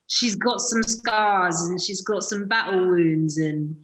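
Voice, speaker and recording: A British actor, a woman, speaks as an interview guest about her role, thinking aloud in a casual way with plenty of fillers and restarts. Her voice is fairly low and slow. The recording is rough, with a little background noise.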